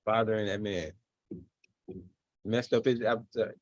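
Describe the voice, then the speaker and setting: A man casually commenting on a video he is watching, relaxed and chuckling often. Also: lowish voice, measured pace, dry recording. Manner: laid-back, chuckling often. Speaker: streamer reacting to a video.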